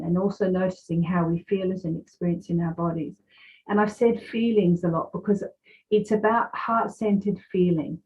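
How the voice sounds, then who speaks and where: A woman guest giving spiritual guidance over a video call, slow, measured and emphatic. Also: mid-range voice, darkish tone. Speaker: guest psychic. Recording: dull, slightly lo-fi.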